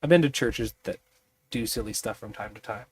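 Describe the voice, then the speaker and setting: A sleepy man thinking aloud in a halting, musing way as he rolls on tables to design a tabletop mystery. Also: lowish voice, a little mellow, slight background noise. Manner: musing, halting, many fillers.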